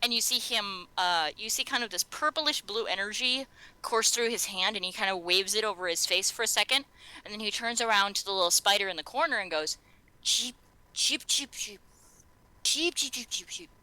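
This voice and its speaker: Bright-voiced woman game master. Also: medium pitch, a little fast, smooth, dry recording, poor audio. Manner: rambling, many fillers and restarts. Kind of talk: narrating a tabletop game.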